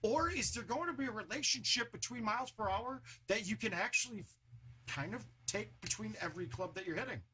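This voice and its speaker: Man, casual live-stream chat, sore throat, high voice, bright tone. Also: lively intonation, a little fast, breathy edge. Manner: chatty, loose, swears casually. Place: home.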